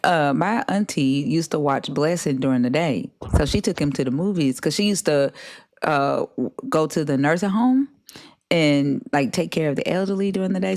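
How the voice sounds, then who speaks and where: A woman's voice: low-pitched, darkish tone, no room sound, clean studio sound. A woman and mother chatting casually on a live stream, telling laid-back funny stories about her kids. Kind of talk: casual chat.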